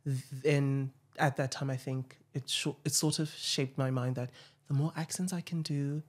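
A young man, hosting an interview in a hesitant, reflective way, with frequent pauses and fillers. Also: medium pitch, steady tone. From South Africa. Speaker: podcast host. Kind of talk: casual interview chat.

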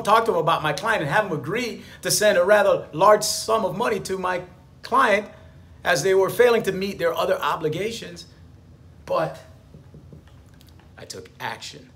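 A man's voice: high-pitched, a bit bright. A man, a business attorney, giving a motivational talk to camera, emphatic and fond of repeating his key phrases.

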